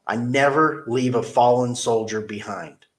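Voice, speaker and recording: A man's voice: medium pitch, unhurried. A middle-aged man, a car dealership manager, telling a personal story in a casual interview, earnest and plain-spoken, repeating his key phrases.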